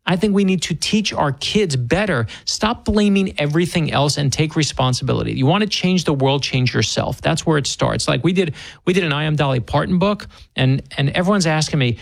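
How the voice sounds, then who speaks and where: Earnest, gravelly man on a talk show. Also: a little high, a little fast, dry recording. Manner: earnest, emphatic, repeats words when starting. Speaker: author guest. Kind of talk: radio interview.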